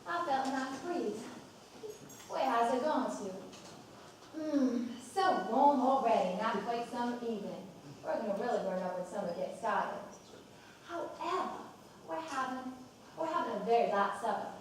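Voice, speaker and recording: An actress gives a gushing, nostalgic mother, a faded Southern belle who talks on and on. The voice sits a touch high. It is caught from far back in a very echoey theater with a faint hiss. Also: animated, normal speed, natural voice. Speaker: stage actor. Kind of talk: live stage play acting. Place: college theater stage.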